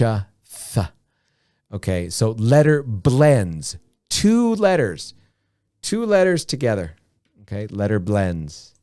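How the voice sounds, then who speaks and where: A man teaching a beginner English lesson, speaking slowly and deliberately, repeating words and often saying "okay". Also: medium pitch, darkish tone, no room sound, studio quality. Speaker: ESL teacher.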